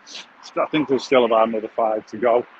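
A man's voice: mid-range voice, steady tone, quick pace. Man, podcast host, crude jokey rambling, walking outdoors, phone mic, dull lo-fi sound, faint street noise. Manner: crude, swearing, jokey, many restarts. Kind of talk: rambling casual monologue.

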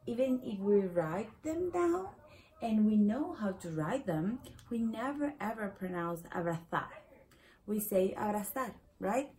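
A woman with a Latin American Spanish accent, a native Spanish speaker, patiently teaching a Spanish lesson and repeating words slowly for learners. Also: mid-range voice, warm tone, low-quality recording. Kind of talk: explaining a language lesson.

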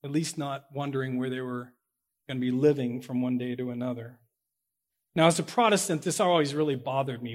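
A pastor preaching a sermon, slowing down to stress key words, with big swings in loudness, and correcting himself as he goes. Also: mid-range voice. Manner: corrects himself out loud mid-sentence.

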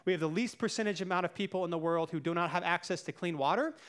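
A man's voice: sits high, fast, fairly bright tone. A man giving a casual, conversational sermon as a pastor, talking through his points with many fillers and asides. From United States.

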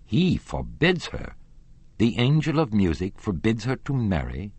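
A man reading an audiobook, voicing a confused, lovesick young nobleman who asks anxious, halting questions. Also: fairly low pitch, sing-song, darkish tone, breathy edge, no room sound, voice pushed up.

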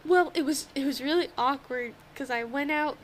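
Brief: young woman co-host, high voice, animated and laughing, faint hiss behind. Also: moderate pace. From New England, US. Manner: animated, laughs often, acts out quoted voices. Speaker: podcast co-host. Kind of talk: casual chat.

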